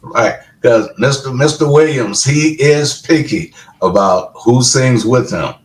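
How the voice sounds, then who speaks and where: A man's voice: mid-range voice, expressive, unhurried, recorded from a distance, a little hiss or hum. A man hosting a radio interview, asking lead-in questions and affirming his guest. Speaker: radio show host. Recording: roomy and away from the mic.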